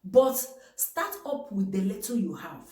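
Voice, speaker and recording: A woman's voice: mid-range voice, very animated, unhurried, mellow, roomy sound, poor audio. A woman with a Nigerian English accent giving marriage advice to camera in an emphatic, preachy way, asking herself rhetorical questions.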